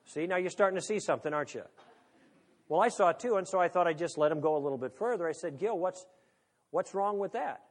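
High-pitched male speaker, chatty and wry, lecturing a live crowd. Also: rapid-fire. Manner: conversational, humorous, rhetorical questions. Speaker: speaker on moral philosophy. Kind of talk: lecture to an audience.

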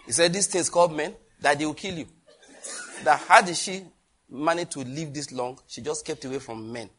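A man preaching a sermon, lively, with laughter and questions thrown to the congregation. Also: on the high side, moderate pace. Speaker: pastor.

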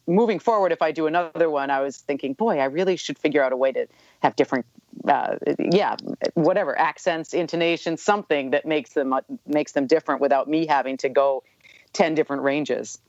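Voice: mid-range voice, no room sound. Chatty guest author on dull, dry audio. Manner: chatty, full of "you know" fillers. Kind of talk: casual interview chat.

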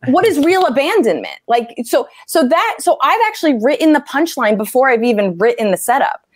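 Animated swearing comedian woman, dry mic. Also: fairly high pitch, fairly quick, dry recording. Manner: animated, swears freely, acts out angry quotes. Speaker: stand-up comedian. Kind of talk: casual interview talk.

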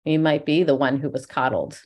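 A woman's voice: deep voice, a little fast, a little mellow. A woman hosting a podcast, speaking with enthusiasm and rambling a little as she chats. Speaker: podcast host. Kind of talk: casual interview chat.

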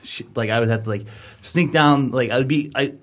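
A man's voice: medium pitch, fairly quick. A man in his thirties, a podcast co-host, telling a long rambling story in casual chat, full of fillers.

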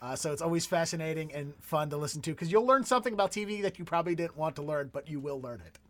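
A man's voice: a little high, animated, quick pace, a bit bright. A man hosting a casual vocabulary segment, chatty and rambling with fillers. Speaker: podcast host. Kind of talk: casual comedic chat.

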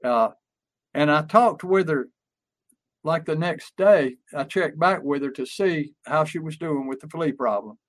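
A man's voice: on the high side, unhurried. An older man, co-hosting a podcast and telling folksy sales stories with fillers and restarts. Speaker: podcast co-host, pest control sales coach. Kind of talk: casual podcast talk.

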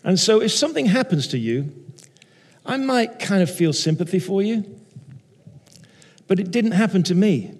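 A man preaching a sermon in a measured way, repeating key phrases for emphasis. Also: sits high, lively intonation, big-room sound.

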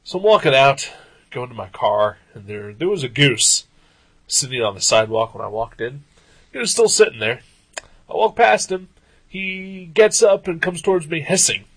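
A man in casual chat, rambling through a story with many pauses and fillers. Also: a little high, sing-song, fairly bright tone, husky, rough recording.

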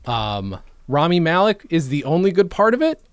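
A man talking in a casual chat, sardonic and profane, with quick jokey asides and mocking impressions. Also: fairly high pitch, very animated, smooth, dry recording, studio quality. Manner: mimics characters in mocking put-on voices.

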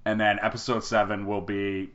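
A man's voice: fairly low pitch, flat delivery, normal speed, a bit bright. A man hosting a casual podcast chat, talking animatedly, swearing freely and laughing often. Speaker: podcast host. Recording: dull lo-fi recording.

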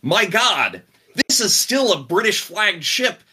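A blustering ship captain with a thick German accent, put on by a man running a tabletop game. He shouts in a raised, strained pitch and stumbles over his words. The voice is bright and a little husky. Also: big pitch swings, slow pace, heavily acted. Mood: alarmed. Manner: shouting, sputtering.

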